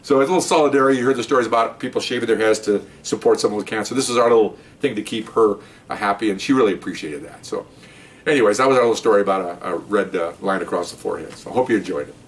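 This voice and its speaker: A retired police veteran, an older man, recounts a story from his years on the job in a casual, chatty way. He talks fast in a somewhat low voice, now and then tossing in "okay?" and jumping up in pitch to act out what others said. His voice sounds a little distant from the microphone. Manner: chatty, repeats "okay?" and acts out quotes in higher voices. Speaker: retired police officer telling stories.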